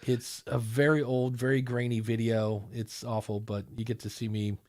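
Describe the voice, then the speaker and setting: A man's voice: mid-range voice, level tone, normal speed, a little mellow, no room sound, studio quality. A man hosting a podcast, chatting casually and joking through rambling explanations. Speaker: podcast host. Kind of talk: casual chat.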